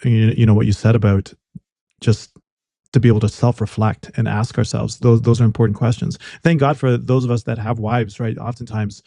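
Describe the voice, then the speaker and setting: A man hosting an interview, speaking reflectively and warmly affirming his guest, with many restarts. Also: mid-range voice, little pitch movement, fairly quick, vocal fry, no room sound. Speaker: podcast host. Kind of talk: conversational interview.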